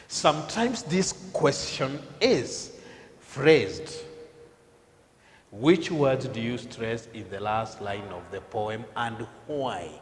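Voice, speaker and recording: A man delivers a televised lesson at an unhurried, deliberate pace, pressing hard on the words that matter. His voice rings out with a long reverb, as if recorded in a large, echoing room. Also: mid-range voice. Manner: slow, deliberate, emphatic delivery. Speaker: teacher.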